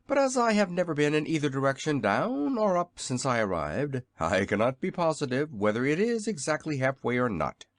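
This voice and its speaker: A man's voice: fairly high pitch, sing-song, moderate pace, hardly any pauses, no echo, studio quality, pitched above the performer's own voice. A man voicing a very old, polite male inventor in a storybook reading, with a courtly, eager manner. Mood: earnest.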